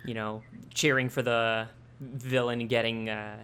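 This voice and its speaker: Guy cohosting a podcast, bright forceful voice, rambly, lots of restarts. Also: medium pitch, level tone, unhurried, smooth. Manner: rambling, restarts often, laughs easily. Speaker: podcast co-host. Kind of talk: casual chat.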